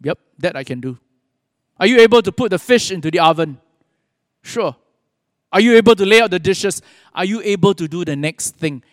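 Male preacher, high register, earnest and measured, long hall reverb. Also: lively intonation, studio quality. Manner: earnest preaching with pauses, quoting scripture. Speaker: pastor. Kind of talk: sermon.

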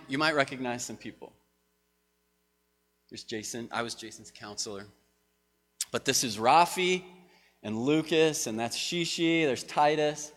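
A man's voice: mid-range voice, sharp tone. A man giving a conversational, story-driven sermon to a congregation as pastor. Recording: long hall reverb.

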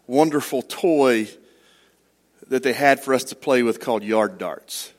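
A man's voice: medium pitch, unhurried. A middle-aged man preaching to his congregation, telling stories and putting questions to them. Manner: conversational storytelling, asks the congregation questions. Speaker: pastor. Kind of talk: sermon.

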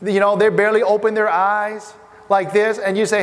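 A middle-aged man from Asia preaches in a high voice, talking with the congregation as if in conversation. His words ring out with a long reverb from a church hall. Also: flat delivery, moderate pace. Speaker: pastor. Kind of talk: sermon.

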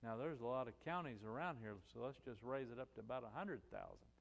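An older man preaching a sermon, rising loud on key phrases and dropping to softer asides. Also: mid-range voice, sing-song, quick pace, vocal fry, long reverb tail.

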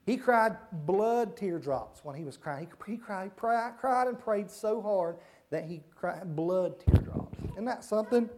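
A man giving a children's sermon, asking the kids simple questions and hushing them as he goes. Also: high-pitched, animated, unhurried. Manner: hushes and redirects children mid-talk. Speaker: children's church leader.

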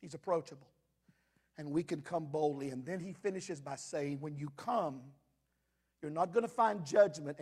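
A male pastor, preaching an impassioned sermon that builds to shouted crescendos. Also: high-pitched.

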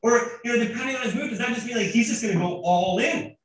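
Man, pastor, sermon, high voice, emphatic and animated, recorded from a distance in an echoey church. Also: fast talker. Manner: animated and emphatic, with frequent restarts.

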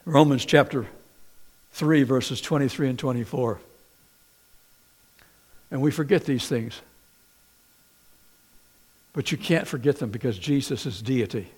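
A man preaching a sermon, talking conversationally and telling personal stories, swinging between loud exhortation and soft, low asides. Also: animated, normal speed, pauses often. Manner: conversational, personal storytelling with fillers. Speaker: pastor.

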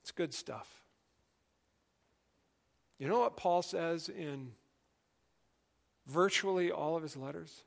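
A middle-aged male pastor preaching a sermon in an earnest, conversational way, dropping to quiet emphasis. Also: a little high, slow, creaky, pauses often.

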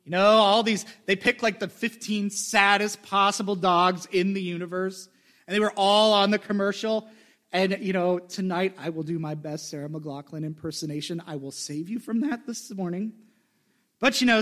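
A man's voice: high voice, moderate pace, a bit bright. A male pastor preaching a sermon in a conversational way, with joking asides.

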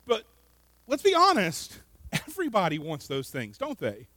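A man preaching a sermon in an earnest way, often repeating words and swinging between loud emphasis and quiet asides. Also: high voice, huge pitch swings, moderate pace, no room sound. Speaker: pastor.

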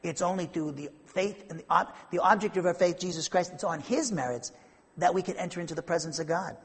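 A man's voice: high voice, brisk, husky, big-room sound. A man preaching an expository sermon to his congregation, with an emphatic delivery that rises and falls. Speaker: pastor.

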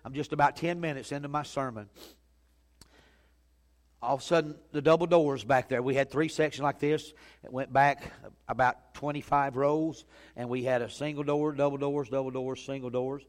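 A man preaching a sermon as a pastor, telling a story that swings from loud urgency to hushed quiet. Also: medium pitch, steady tone, normal speed. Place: church sanctuary. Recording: long hall reverb.

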